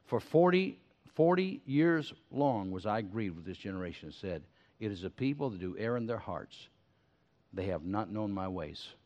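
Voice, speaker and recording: A preacher voicing a stern, sorrowful divine speaker, dropping low and quiet. The delivery is slow and weighty, with an old scripture cadence. The recording is slightly dull. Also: male voice, big pitch swings. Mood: solemn. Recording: slightly muffled sermon recording.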